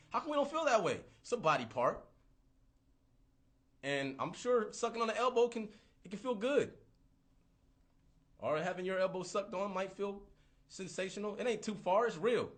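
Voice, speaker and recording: A man in his thirties ranting casually on a livestream, profane, rambling and animated. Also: high-pitched, normal speed, pauses often. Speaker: livestream host.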